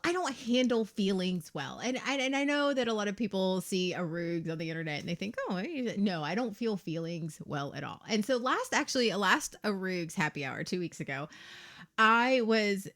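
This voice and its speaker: A woman's voice: medium pitch, fairly bright tone. A woman hosting her own livestream, talking candidly, laughing often and swearing freely. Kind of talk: casual livestream chat.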